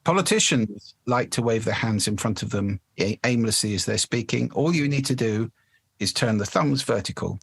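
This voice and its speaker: Husky low-voiced guy on a podcast, teaching voice stuff, shows off different resonances, dry close sound. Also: lively intonation, normal speed, dry recording. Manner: demonstrative, shifts resonance to show voice placement. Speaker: guest speaking coach. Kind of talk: podcast interview, explanatory.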